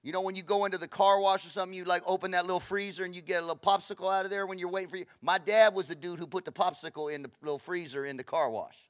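Passionate fast-talking middle-aged male pastor. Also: high voice, steady tone. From Los Angeles. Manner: fast, passionate, storytelling with shifts between loud and hushed. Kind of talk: sermon.

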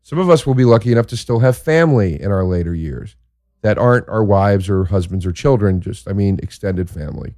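A man who is a comedian hosting a show, telling a crude story in a casual monologue that swings into excited exaggeration. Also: fairly low pitch, a little fast, no echo, studio quality.

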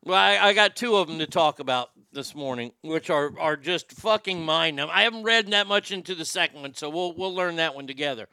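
A man's voice: on the high side, brisk, hardly any pauses, sharp tone, smooth, no echo, studio quality. A man hosting a casual show, ranting sarcastically with lots of profanity. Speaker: podcast host.

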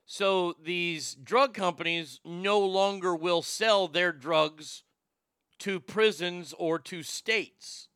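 A man's voice: sits high, slow, fairly bright tone, clear, resonant tone, no room sound. A man hosting a talk show, giving casual news commentary that rambles and stammers, with crude joking asides.

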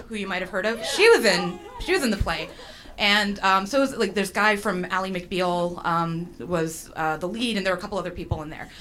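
A woman's voice: mid-range voice, a bit bright. A woman telling a personal story to an audience, chatty and self-deprecating, with lots of fillers and restarts.

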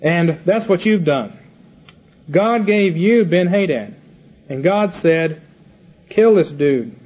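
A man's voice: high voice, animated, takes it slowly. An older man giving a Bible teaching lecture, retelling scripture in casual paraphrase and acting out the dialogue himself. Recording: muffled lo-fi recording.

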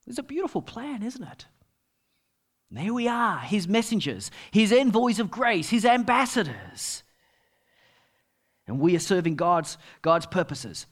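Middle-aged male pastor, sermon, storytelling manner with quiet asides; high, very lively voice. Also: a little slow, pauses often.

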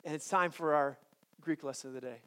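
High-voiced man preaching in chapel. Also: brisk, sharp tone. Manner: conversational, repeats and restarts words, builds to emphatic declarations. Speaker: chapel speaker. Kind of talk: sermon.

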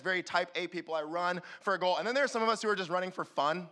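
A man preaching a sermon as youth pastor, animated and acting out quick little voices to the room. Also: sits high. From California.

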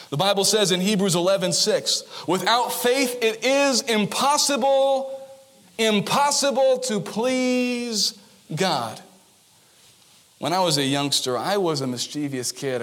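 His voice sitting high, a young man preaches a sermon as a pastor, spinning lively stories. Playful asides keep cropping up, along with sudden switches into character voices.

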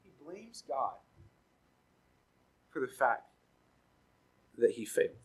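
A man preaching a sermon, animated and acting out quoted voices as he goes. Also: mid-range voice, takes it slowly, husky, rough recording. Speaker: pastor.

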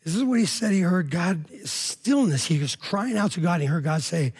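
Man, pastor, sermon, high-pitched, husky, casual and emphatic. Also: expressive, normal speed, hardly any pauses, a little mellow. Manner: casual, emphatic preaching with frequent "man" and "all right?".

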